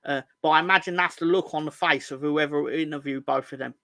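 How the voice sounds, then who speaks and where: Sweary, sarcastic bright-voiced man. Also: fairly high pitch, fairly even intonation, fast, creaky, no echo. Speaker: podcast co-host. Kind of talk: casual football fan chat.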